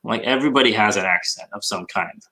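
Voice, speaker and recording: A man's voice: lowish voice, quick pace, bright, forceful tone, low-quality recording. A man hosting a podcast, chatting casually and asking curious questions about accents. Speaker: podcast host. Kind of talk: casual chat.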